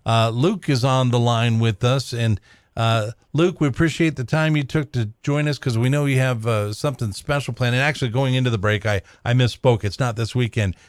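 A man's voice: mid-range voice, fairly quick, no room sound. A man hosting a live radio show from a studio, talking loosely with lots of uhs. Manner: loose, filler-heavy talk with many uhs. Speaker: radio host.

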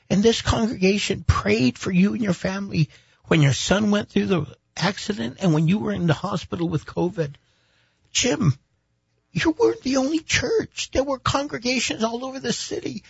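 A man's voice: high-pitched, vocal fry, husky, no echo, highs cut off. A man who is a pastor gives an emphatic, preacher-like testimony in an interview, repeating words for weight.

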